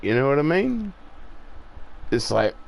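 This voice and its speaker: A man's voice: medium pitch, sing-song, a little slow, creaky, low-quality recording. A man in his forties talking in a casual, rambling and profane monologue, with lots of "it's like".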